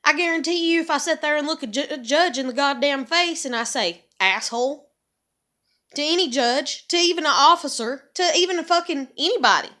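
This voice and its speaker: Woman, thirties, high pitched, sharp bright tone, swearing, ranting. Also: brisk, hardly any pauses. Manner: profane, heated, venting. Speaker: vlogger. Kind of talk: angry confessional rant.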